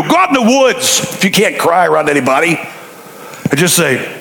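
A man preaching a sermon in a church, folksy and joking, telling animated stories to his congregation. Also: high voice, brisk, reverberant, poor audio. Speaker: pastor. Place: church sanctuary.

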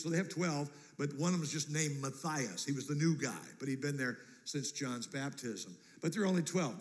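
A male pastor preaching a sermon, animated and acting out voices, swinging between loud and quiet. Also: fairly high pitch. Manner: animated, acts out voices, big swings in loudness. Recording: long hall reverb.

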